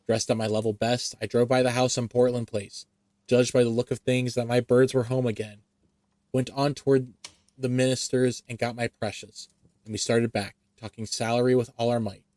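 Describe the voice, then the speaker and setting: A man's voice: mid-range voice, flat delivery, moderate pace, a little mellow, dry recording. A man reading a classic story aloud expressively, with occasional slips. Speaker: reader.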